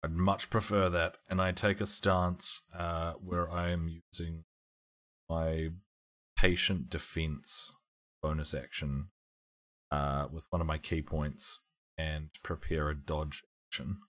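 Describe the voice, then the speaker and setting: A man with a very low voice, playing in a tabletop game session. He lays out his character's moves step by step and checks the rules as he speaks. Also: flat delivery, slow, a bit bright. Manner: methodical, talks through his moves and rules. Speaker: player. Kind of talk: casual tabletop play.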